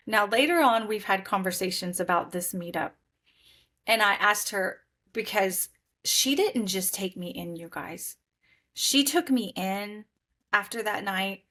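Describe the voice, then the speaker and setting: This woman tells her own story on a podcast. She is lively and expressive and slips into the voices of the people she quotes. Her pitch sits in the middle range for a woman. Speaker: guest sharing her testimony. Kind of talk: candid personal testimony.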